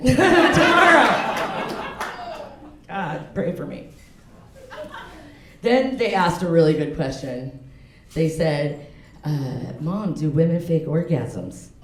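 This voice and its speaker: A woman in her forties doing a stand-up comedy set in a comedy club, talking frankly and laughing at her own jokes. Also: deep voice. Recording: echoey club with loud crowd. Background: audience laughter.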